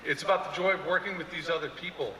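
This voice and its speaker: A man's voice: on the high side, quick pace, pushed and bright, slight background noise. A man answering earnestly and hesitantly as an actor on a convention panel. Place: large convention hall stage. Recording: echoey hall with long reverb.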